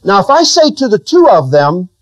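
A man's voice: big pitch swings, normal speed, dry recording. A man preaching a sermon. He asks his listeners questions and swings his voice up and down for emphasis. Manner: preaching with sudden rises and drops in pitch, asking the listeners questions.

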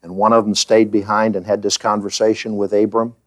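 A man's voice: on the low side, little pitch movement, brisk, no room sound. A man preaching in conversational Bible-teaching style, who asks the listeners questions and fills gaps with "uh".

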